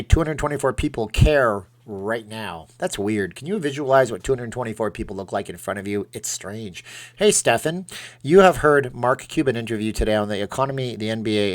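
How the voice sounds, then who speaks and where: A man hosting a casual live stream from home, reading viewer comments aloud and answering them in a chatty, self-deprecating way. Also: mid-range voice.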